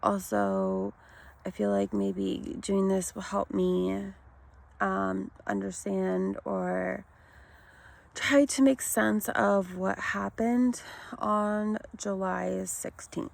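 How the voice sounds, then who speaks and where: A woman in her thirties telling her own health story, halting and emotional, with many pauses and ums. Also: medium pitch, fairly even intonation, gravelly. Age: 30s. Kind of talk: personal storytelling to camera.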